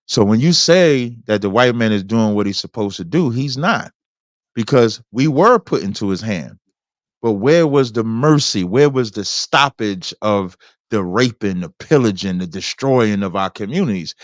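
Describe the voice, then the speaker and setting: A man hosting a debate who reads scripture aloud in a preacherly way, slowing down for the verses. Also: fairly low pitch, animated, no room sound. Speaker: host.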